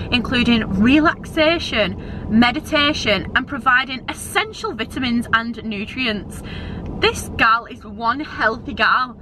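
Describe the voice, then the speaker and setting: A young woman, chatting giddily to a handheld camera in a casual vlog, getting loud when excited. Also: a little high. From England. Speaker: vlogger. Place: in a car and out and about at a shopping centre. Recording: noisy background with traffic.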